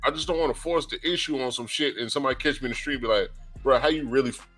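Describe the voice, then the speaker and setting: A man's voice: mid-range voice, racing, a bit bright, faint music behind. A man with a Southern accent hosting a casual podcast, talking emphatically in slang and swearing freely.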